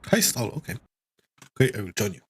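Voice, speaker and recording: A man streaming a game live, chatting to his viewers in a rambling, halting way. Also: lowish voice, sing-song, noisy background.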